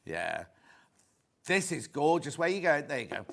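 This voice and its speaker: A man's voice: a little high, sing-song, a little slow, creaky, long pauses, fairly bright tone. A British man presenting a live sewing shopping show, chatty and teasing as he reads out prices and viewer messages in a TV studio.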